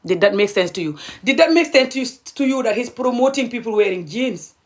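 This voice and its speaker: A young adult woman from Gambia speaks straight to the camera, heated and indignant. Her voice sits a little high, and she drives each point home with a sharp "okay?". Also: lively intonation, brisk. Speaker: video creator. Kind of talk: impassioned social commentary to camera.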